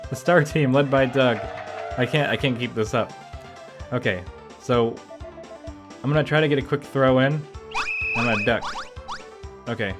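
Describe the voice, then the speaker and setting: A man of ordinary pitch narrates his own gameplay in a loose, chatty way, wandering into asides as he thinks out loud. His voice sits over a desktop mic recording, with faint game music playing underneath. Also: normal speed, long pauses. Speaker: gameplay YouTuber. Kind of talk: casual let's-play commentary.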